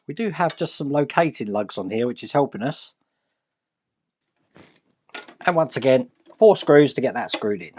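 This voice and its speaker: A man's voice: mid-range voice, very animated, a little fast, a little mellow, husky. A man giving chatty, upbeat step-by-step commentary while building a large scale model at his workbench.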